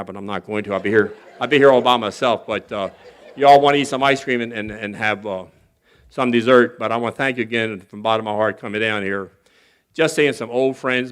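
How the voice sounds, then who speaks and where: A man with a medium-pitched, fairly bright voice speaks as a guest at a recovery convention. He shares his personal story in a folksy, candid, earnest way with touches of humor, acting out other people's voices whenever he quotes them.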